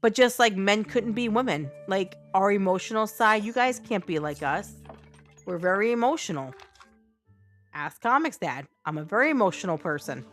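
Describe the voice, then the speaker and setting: A woman's voice: mid-range voice, animated, moderate pace, a bit bright. Lady ranting on her game stream, blunt, cusses a lot, faint music under her. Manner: blunt, ranting, swears freely. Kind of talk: casual live-stream chat.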